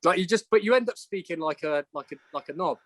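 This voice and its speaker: English male rugby guest, slightly high voice, rapid, chatty, video-call sound. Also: lively intonation, a bit bright, dry recording. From England. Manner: self-deprecating, chatty, fast-talking. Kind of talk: casual chat.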